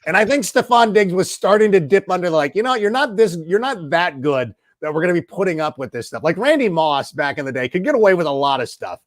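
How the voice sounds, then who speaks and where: A middle-aged football analyst joins as a guest and talks in a chatty, rambling way, full of asides. His voice sits a little high and swings widely in pitch. The sound is close and dry. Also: sing-song, fast, hardly any pauses, dry recording. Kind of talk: casual sports talk interview.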